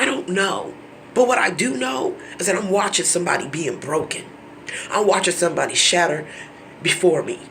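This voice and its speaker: A man giving an impassioned monologue to his viewers, pleading and preachy, often sinking to a hushed near-whisper and stumbling over repeated words when emotional. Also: sits high, moderate pace, vocal fry, noisy background. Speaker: vlogger.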